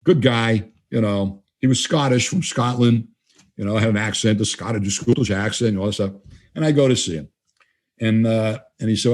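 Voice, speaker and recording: Mellow, husky older man telling stories. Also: mid-range voice, moderate pace. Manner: conversational, acts out quoted dialogue. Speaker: guest trainer. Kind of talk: casual storytelling interview.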